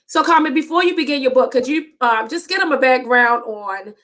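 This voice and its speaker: Host: chatty woman, bright higher voice, informal live-stream banter. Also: fairly quick. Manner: chatty, laughs often, informal. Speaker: host of author reading show. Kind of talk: casual live-stream chat.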